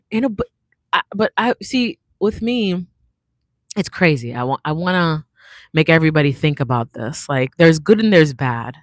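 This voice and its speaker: A woman's voice: low-pitched, no room sound. A woman hosting a livestream as an artist, chatting casually in a rambling, slangy way and reading out viewer comments. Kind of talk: casual live chat.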